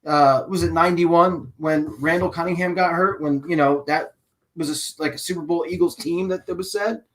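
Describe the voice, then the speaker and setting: A man's voice: on the high side, fairly even intonation, normal speed. A man hosting a live sports channel, ranting emotionally and rambling with many restarts. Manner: rambling, with frequent restarts and fillers; emotional and exasperated. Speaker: channel host. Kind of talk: live-stream sports rant.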